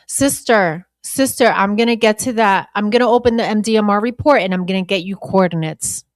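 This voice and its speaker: A woman's voice: medium pitch, a little fast, dry recording, clean studio sound. A woman hosting a podcast, giving blunt, profane and indignant commentary between clips. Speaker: podcast host. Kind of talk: live commentary over a played clip.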